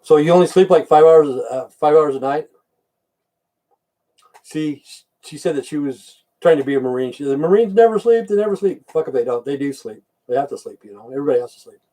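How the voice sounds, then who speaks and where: A man's voice: medium pitch, steady tone, a little fast, dark tone, recorded from a distance. An older man hosting a casual livestream, rambling in blunt, profane rants. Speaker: livestream host.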